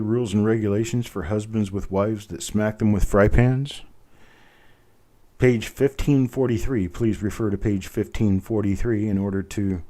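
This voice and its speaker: Low, mellow-voiced man calling auction bids. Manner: joking, patient, repeats bids in a steady calling rhythm. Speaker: auctioneer host. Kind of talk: live online coin auction, chatty.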